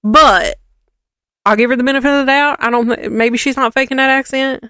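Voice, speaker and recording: Animated Southern woman podcast host. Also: high voice, brisk, clear, resonant tone, no echo, clean studio sound. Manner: laughing, teasing and animated. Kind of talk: casual chat.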